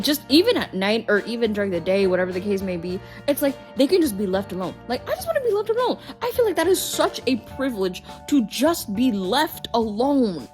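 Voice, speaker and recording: A young woman vlogging in her twenties tells a story with a very lively, swooping voice, full of "like" and "right?". Her pitch sits in a middle register. Soft music hums in the background. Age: 20s. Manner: animated, chatty, heavy use of "like" and "right?". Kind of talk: casual storytelling vlog.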